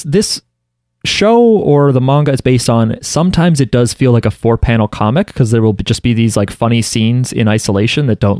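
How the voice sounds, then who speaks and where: A man's voice: on the low side, warm tone, no room sound, clean studio sound. A man co-hosting a podcast, recapping an anime in a casual, rambling way with lots of fillers and restarts. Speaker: podcast co-host.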